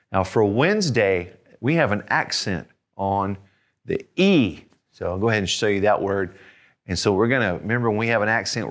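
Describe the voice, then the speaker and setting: A man teaching a video language lesson as a Spanish teacher, encouraging, repeating each word slowly so learners can say it after him. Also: fairly low pitch, fairly bright tone.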